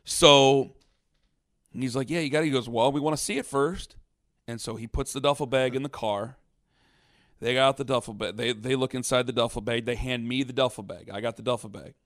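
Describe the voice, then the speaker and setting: Rambling animated male storyteller. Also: mid-range voice, fairly quick. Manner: rambling, animated, many restarts. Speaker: podcast host. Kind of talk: casual storytelling.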